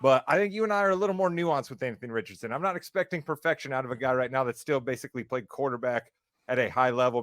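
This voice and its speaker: Brief: male sports-podcast host, rapid-fire teasing delivery, dry close sound. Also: medium pitch, fairly bright tone, no room sound. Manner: quick, teasing banter. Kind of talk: casual sports chat.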